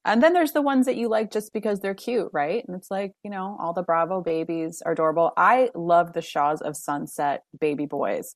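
A woman with a notably low speaking voice hosts a casual podcast chat. She talks in an animated, gossipy way, full of "like" and quick laughs. The recording is dry and close, with no room sound. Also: creaky, no echo. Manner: chatty, animated, frequent laughs and "like". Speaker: podcast host.

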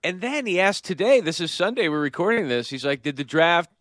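A man in his thirties with a slightly high voice chats casually on a podcast, telling family stories and laughing along. The sound is dry and close, with no room around it. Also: animated, brisk, fairly bright tone, no echo. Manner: storytelling, laughing often. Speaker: podcast co-host. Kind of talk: casual chat.

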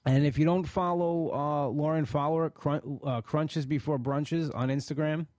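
Podcast host, forties, earnest and rambling, bright-ish voice, dry booth sound. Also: male voice, fairly high pitch, fairly even intonation, normal speed, dry recording. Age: 40s. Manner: earnest, rambling, with many restarts. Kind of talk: casual solo podcast talk.

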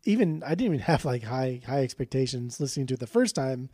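Male podcast co-host, mellow dark voice, blunt and profane, rambling. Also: mid-range voice, animated, fast talker, no echo, clean studio sound. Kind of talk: casual chat, album review.

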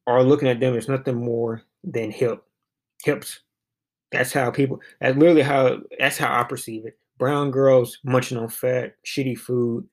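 Male poetry vlogger, mid-pitch, casual and rambling, with lots of fillers. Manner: rambling, many fillers and restarts. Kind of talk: casual commentary on poems.

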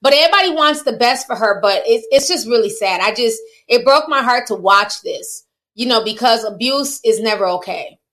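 A woman talking through celebrity gossip in a chatty, opinionated way, with a voice pitched a little high. She addresses her viewers directly and teases them as she goes. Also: expressive, normal speed, a bit bright. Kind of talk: casual commentary.

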